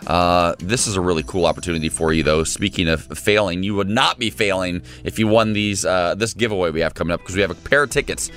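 A man co-hosting a morning radio show, chatting and joking in a casual, animated way. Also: sits low, quick pace, hardly any pauses.

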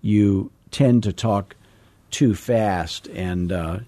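Low-voiced joking male podcast host. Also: slow, dark tone, no room sound. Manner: joking, folksy storyteller. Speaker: podcast host and real estate coach. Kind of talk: casual coaching chat.

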